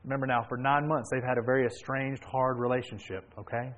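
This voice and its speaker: A man preaching a sermon and retelling a story, swinging between hushed and emphatic delivery. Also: mid-range voice, level tone, brisk, lo-fi sound.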